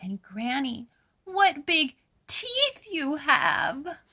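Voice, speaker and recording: A woman voicing a sweet, innocent little girl in a children's story, speaking in a high, sing-song way. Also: wildly swooping pitch, drawn-out words, sharp tone, slight background noise, heavily acted.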